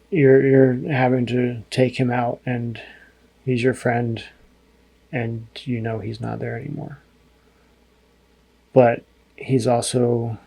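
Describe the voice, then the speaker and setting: Gravelly, halting American man recounting. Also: mid-range voice, a little mellow. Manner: halting, restarts often, sober and heavy. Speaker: podcast guest, former army intelligence analyst. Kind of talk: reflective interview recollection.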